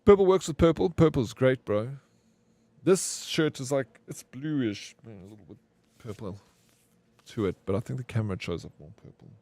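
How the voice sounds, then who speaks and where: Gravelly, laid-back game streamer. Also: male voice, mid-range voice, animated, normal speed, mellow. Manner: laid-back, chatting with viewers. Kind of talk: casual live-stream gameplay chat.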